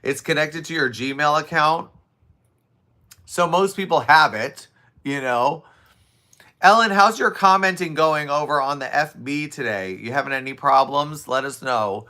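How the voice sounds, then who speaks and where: A man live streaming and chatting casually to his viewers in an animated way, his voice a little raspy and worn from talking for hours. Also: a little high, unhurried. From Southwest Florida. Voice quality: slightly raspy, scratchy from overuse. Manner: chatty, animated, laughs often, talks to viewers' comments. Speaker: live streamer and fitness instructor. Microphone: streaming setup close to camera.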